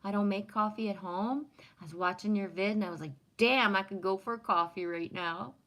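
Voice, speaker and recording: A woman's voice: medium pitch, a little fast, a bit bright, rough recording. A woman from Canada chatting casually on a livestream, rambling and swearing freely while reading and answering comments. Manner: profane, rambling, talks to chat. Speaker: livestream host.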